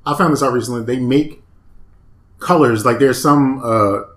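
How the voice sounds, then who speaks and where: Male co-host, mid-pitched, patient and explanatory, echoey room sound. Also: moderate pace, a bit bright. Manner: explanatory, patient, matter-of-fact. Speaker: podcast co-host. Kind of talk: casual chat.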